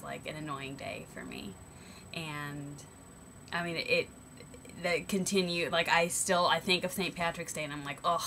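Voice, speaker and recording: Her voice is fairly low and sharp in tone, with slight background noise behind it. A young woman from the United States, she vlogs reflectively to the camera, pausing on ums and self-corrections as she thinks aloud.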